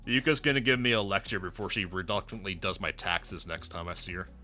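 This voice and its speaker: A man's voice: deep voice, a little fast. A man streaming a game, joking around casually as he reads its dialogue aloud. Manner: jokey, animated, playful. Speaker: VTuber streamer. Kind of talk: casual livestream commentary and dialogue reading. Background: faint background music.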